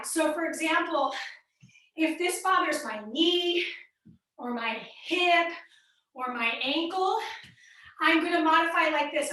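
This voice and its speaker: Bright, high-pitched woman coaching a workout. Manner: upbeat, counts reps aloud and coaches form. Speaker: fitness instructor. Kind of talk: live online workout class cueing. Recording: echoey room, mic at a distance.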